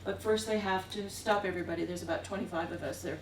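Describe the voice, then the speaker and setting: Speaking quickly in a fairly low voice, this woman artist gives a talk full of wandering anecdotes and frequent chuckles. It takes place in a museum gallery room, captured with a distant mic in an echoey space with slight hiss.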